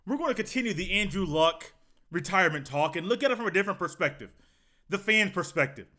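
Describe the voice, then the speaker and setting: A young man hosting a solo sports podcast, telling a story in a casual, excited way. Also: high voice, fast. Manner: excited, animated storytelling with laughs. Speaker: podcast host.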